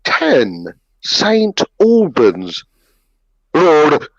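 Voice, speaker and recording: A man voicing an old Indian mother with an Indian English accent, who draws out her words slowly. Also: a little high, huge pitch swings, no echo, dull audio, pitched above the performer's own voice, heavily acted. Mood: insistent. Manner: slow, drawn-out, singsong.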